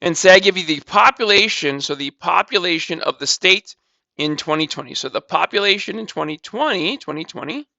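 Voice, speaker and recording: A man teaches math in a casual, step-by-step manner, repeating figures as he works through them. His voice sits high and bright. The recording is dry and a little dull. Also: expressive, a little fast, vocal fry, no room sound. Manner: talks through calculations step by step, casual, repeats numbers, says "blah, blah". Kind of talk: recorded math lesson walkthrough.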